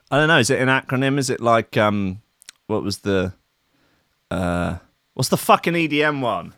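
A man's voice: lowish voice, animated, normal speed, fairly bright tone, no room sound, studio quality. A man casually reading out odd news stories, rambling, swearing and laughing between lines.

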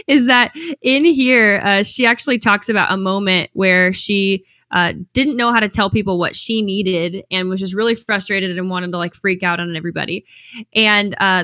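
Woman, podcast coach, upbeat and chatty, bright crisp tone, dry close sound. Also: medium pitch, dry recording. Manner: upbeat, enthusiastic, chatty with fillers. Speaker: pageant coach and podcast host. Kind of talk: podcast monologue.

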